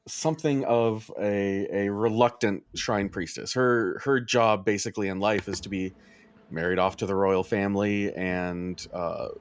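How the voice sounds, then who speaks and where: A man's voice: fairly low pitch, no room sound, studio quality. A man on a podcast panel, casually recapping a game's story with frequent ums and uhs. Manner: relaxed, many ums and uhs, chuckles often. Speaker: podcast panelist summarizing a game plot.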